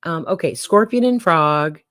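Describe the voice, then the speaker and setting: Older woman, livestream host, casual chat, folksy, lower pitch, dry mic. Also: expressive, measured pace, a bit bright, no room sound. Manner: folksy, chatty, talks to her chat.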